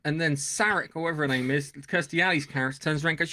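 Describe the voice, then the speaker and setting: A man co-hosting a casual podcast, animated and swearing freely as he acts out film scenes. His voice sits somewhat high. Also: rapid-fire, hardly any pauses. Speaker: podcast co-host. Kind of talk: casual chat.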